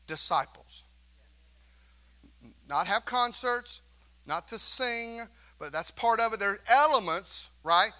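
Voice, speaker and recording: A man's voice: very high voice, bright, forceful tone. A male pastor preaching a sermon to his congregation, emphatic and calling for responses. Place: church sanctuary.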